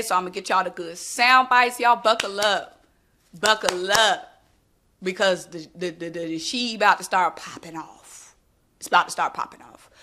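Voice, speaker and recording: A woman's voice: medium pitch, bright, forceful tone. A woman hosting a casual sports talk vlog, sassy and emphatic, repeating her points for effect. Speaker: sports commentary host.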